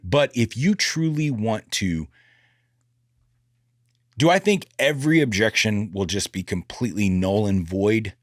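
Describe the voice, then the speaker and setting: A man with a low, lively voice chats casually on a sales podcast. He jokes and acts out snippets of conversation. The sound is close and dry, with no room around it. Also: measured pace, no room sound. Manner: animated, joking, acts out dialogue.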